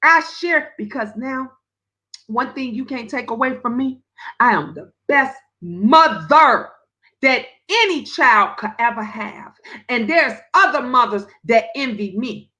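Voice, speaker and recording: Blunt, high-voiced woman talk host. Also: unhurried, poor audio. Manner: blunt, emphatic, profane, animated storytelling. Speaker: live talk-stream host. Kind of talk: unscripted live-stream talk.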